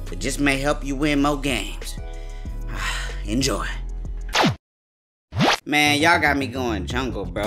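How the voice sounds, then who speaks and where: A man giving live gameplay commentary, excitable and trash-talking, swinging from loud taunts to low muttering.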